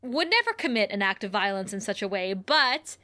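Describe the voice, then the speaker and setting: A woman co-hosting a podcast, recapping a TV episode in casual chat with animated storytelling and frequent laughs. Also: mid-range voice, fairly quick. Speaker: podcast co-host.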